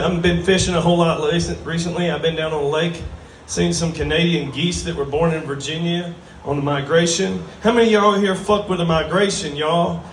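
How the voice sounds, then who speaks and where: On a brewery stage in front of an audience, a man with a slightly high voice drawls through a crude stand-up routine at his own expense. There's a little hiss or hum, and the mic sits at a distance in a roomy live venue.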